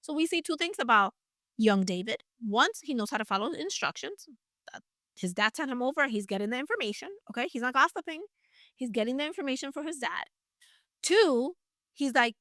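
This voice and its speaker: Woman Bible teacher, relaxed storytelling with playful asides, a fairly high voice, dry close sound. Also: a little fast, no room sound. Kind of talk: casual Bible story retelling.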